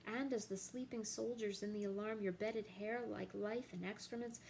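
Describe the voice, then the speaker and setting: A woman's voice: medium pitch, steady tone, moderate pace, creaky, a little mellow, a little hiss or hum, natural voice. A woman reading the lines of a frightened middle-aged queen and mother, pleading and worried. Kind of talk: dramatic reading of verse.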